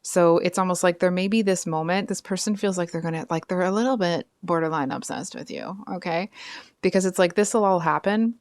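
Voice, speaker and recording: A woman's voice: on the low side, a little fast, no room sound, studio quality. A woman giving a casual tarot reading, chatty and rambling, with frequent asides and apologies. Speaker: tarot reader.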